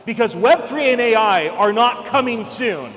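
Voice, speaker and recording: A man in his forties with a high voice, originally from California, delivers an energetic conference keynote. He hammers his points and rises to near-shouts for emphasis. His voice rings through a large hall, with faint ambience behind it. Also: moderate pace, slight background noise. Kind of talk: keynote speech with storytelling.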